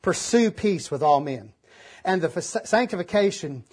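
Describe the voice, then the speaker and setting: A man's voice: high-pitched, animated, normal speed, darkish tone, breathy edge. A man preaching a sermon to his congregation, telling folksy stories with laughter and repetition. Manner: folksy storytelling with laughs and repeated phrases. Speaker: pastor.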